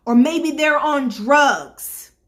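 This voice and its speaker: A woman's voice: high voice, very slow, fairly bright tone. A middle-aged woman life coach giving a motivational talk straight to her viewers, emphatic and repetitive like a preacher.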